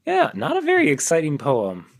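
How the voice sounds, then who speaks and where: A man hosting a casual podcast, reading his own poems aloud in a halting way, self-deprecating and quick to laugh. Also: fairly high pitch, huge pitch swings, vocal fry. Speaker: podcast host.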